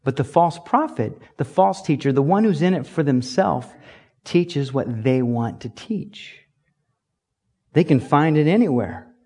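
A pastor giving a conversational sermon, repeating key phrases for emphasis. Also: male voice, on the high side, animated, a little slow, darkish tone, husky.

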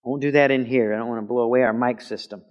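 A man preaching in a church sanctuary, teaching in a conversational way and breaking into loud shouted quotes now and then. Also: mid-range voice, fairly even intonation, quick pace, highs cut off. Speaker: pastor. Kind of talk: sermon. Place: church sanctuary with a mic system.

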